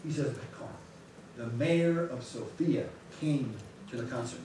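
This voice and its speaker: A man, the pastor, giving chatty announcements and telling a lively story to his church. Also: medium pitch, measured pace, background noise. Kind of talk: church announcements before a sermon. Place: church sanctuary. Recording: echoey sanctuary, distant mic.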